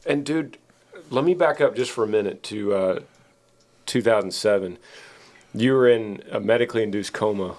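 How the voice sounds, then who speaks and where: A man hosting a podcast, asking curious questions in a relaxed, casual way. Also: lowish voice, moderate pace, pauses often. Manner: curious, relaxed, says dude. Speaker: podcast host.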